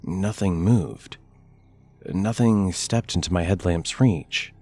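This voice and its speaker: Deep-voiced slow horror narrator man. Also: faint music behind. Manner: measured, hushed, deliberate pauses. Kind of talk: scripted first-person narration.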